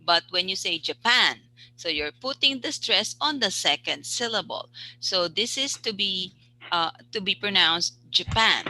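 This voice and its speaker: Woman, English teacher, video call, bright sharp tone, patient, laughs often. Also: mid-range voice, lively intonation, moderate pace, no room sound, rough recording. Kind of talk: online class teaching.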